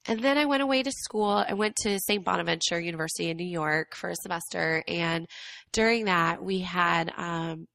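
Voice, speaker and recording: Earnest woman with a gravelly, allergy-cracked voice. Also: lowish voice, normal speed, fairly bright tone, no room sound. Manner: reflective, earnest storytelling with many fillers. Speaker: guest. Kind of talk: conversational podcast chat. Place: Atlanta.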